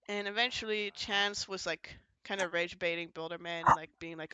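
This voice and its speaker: Podcast host, casual rambling storyteller, bright crisp tone, dry close sound. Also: medium pitch, a little slow, dry recording, lo-fi sound. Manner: rambling, filler-heavy storytelling that jumps between points; acts out quoted lines in shifting voices. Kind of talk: casual podcast recap of a roleplay event.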